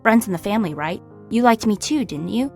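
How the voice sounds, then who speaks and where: A woman voicing a cold, scheming young woman in an animated story, cool and unapologetic. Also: medium pitch, a little fast, vocal fry, over music.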